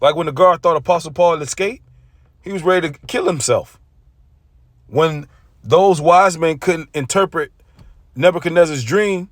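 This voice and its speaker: A man's voice: a little high, normal speed, pauses often, no echo. Intense ranting man, dry close sound. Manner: intense, repetitive, stumbling over words. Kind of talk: casual religious rant.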